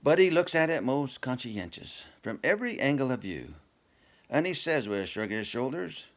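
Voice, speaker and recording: A man's voice: medium pitch, sing-song, normal speed. A man reciting a comic poem from memory, telling it in broad northern dialect.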